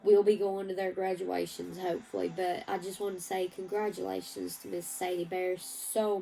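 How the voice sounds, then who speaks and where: Gravelly woman, emotional update. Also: lowish voice, level tone, normal speed, hardly any pauses, dark tone, far from the mic, faint music behind, poor audio. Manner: emotional, rambling, teary at times. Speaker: vlogger. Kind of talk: casual personal update.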